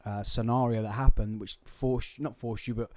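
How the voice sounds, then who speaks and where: A man's voice: mid-range voice, steady tone, dark tone, slight background noise. A man hosting a podcast, talking conversationally and correcting himself as he asks questions. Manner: conversational, halting, self-correcting. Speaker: podcast host. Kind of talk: casual chat.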